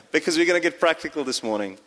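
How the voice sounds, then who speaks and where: A man's voice: fairly high pitch, fairly bright tone. A pastor giving a sermon to his congregation, talking with frequent fillers and restarts. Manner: hesitant, many fillers and restarts. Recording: long hall reverb.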